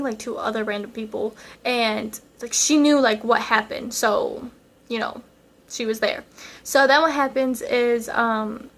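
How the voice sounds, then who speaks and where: A woman's voice: fairly high pitch, fairly bright tone. A young woman vlogger telling a dramatic storytime in a chatty style, full of fillers. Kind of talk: casual storytime.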